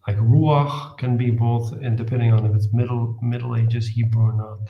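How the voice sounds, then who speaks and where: A man's voice: medium pitch, level tone, moderate pace, reverberant, dull audio. A man co-hosting a Bible study stream, hesitant and looking things up as he talks. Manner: hesitant, reads from a dictionary, many restarts. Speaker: co-host in a Bible reading stream. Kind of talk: casual study discussion.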